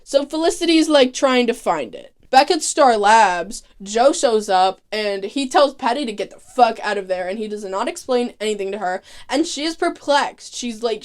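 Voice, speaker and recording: A woman narrating a comedic TV recap in a profane, sarcastic, animated way. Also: medium pitch. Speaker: TV recap vlogger.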